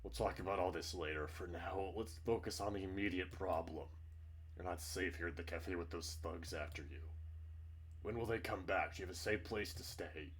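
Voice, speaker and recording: A man with a deep voice reads the lines of a young man torn between anger and concern, speaking in halting, stammering bursts. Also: husky. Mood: earnest.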